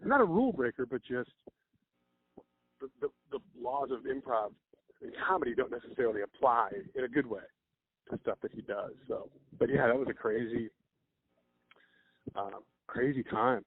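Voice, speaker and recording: A man, an improv comedian and teacher, telling stories in casual chat and acting out quick quotes. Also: medium pitch, husky, no room sound. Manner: animated storyteller with quick acted-out quotes. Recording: dry, phone-like narrow sound.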